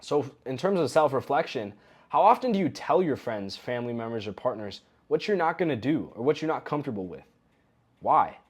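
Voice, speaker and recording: A man's voice: medium pitch, sing-song, a little fast, slightly rough. Conversational man teaching a lesson. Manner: conversational, acts out example phrases. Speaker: coaching course instructor. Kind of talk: recorded online lesson.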